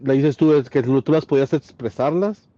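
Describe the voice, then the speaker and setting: A man's voice: medium pitch, fast talker, mellow, no room sound, muffled recording. A man co-hosting a podcast in casual conversation, speaking hesitantly with many fillers and repeated words. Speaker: podcast co-host.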